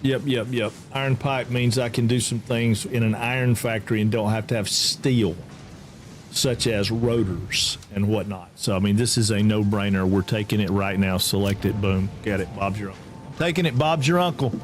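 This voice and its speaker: A man's voice: on the low side, little pitch movement, normal speed, soft background music. A man giving chatty, folksy commentary as he streams a game live and talks with his chat.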